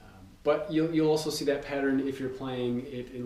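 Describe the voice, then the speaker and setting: A drum teacher gives a casual lesson on rudiments in a mid-range voice at normal speed, keeping things relaxed and loose with fillers and spoken counts. The distant mic makes it sound roomy, and there's a lot of noise.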